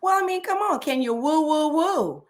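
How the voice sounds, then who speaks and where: Middle-aged woman cohosting, playful banter, kinda high voice, swoops up and down a lot. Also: expressive, moderate pace. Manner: playful, bantering, laughs often. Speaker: podcast co-host. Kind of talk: casual chat.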